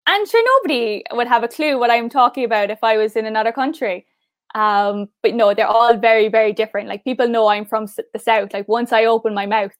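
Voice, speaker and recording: A young woman from Cork with an Irish accent, chatting fast in an interview as a guest and often saying "like". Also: a little high, clean tone, dry recording, studio quality. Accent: Irish, Cork mixed with Mayo. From Cork, Ireland. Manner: fast talker, says "like" often. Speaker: pageant finalist guest. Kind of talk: casual interview chat.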